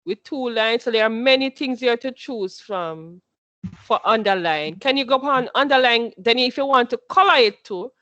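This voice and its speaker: A woman's voice: fairly high pitch, lively intonation, moderate pace, fairly bright tone, no echo, lo-fi sound. A woman teaching a class, patient, who repeats her instructions and quizzes her students as she goes.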